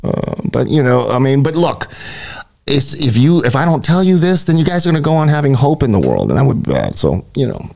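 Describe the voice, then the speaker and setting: A man's voice: medium pitch, sing-song, fairly quick, creaky, a little mellow. Sardonic, profane male podcast host. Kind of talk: casual chat.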